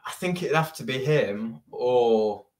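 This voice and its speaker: British male guest, easygoing chatter, middle pitch, listy and laughing. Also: expressive, takes it slowly, darkish tone. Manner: lists things loosely, giggly when telling stories. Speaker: podcast guest, racing driver. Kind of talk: casual chat.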